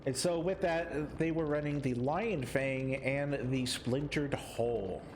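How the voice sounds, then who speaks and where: A young man casting a competitive video game live, excitable, sometimes stumbling over his words. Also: mid-range voice, slow pace, roomy sound, a little hiss or hum. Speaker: esports caster.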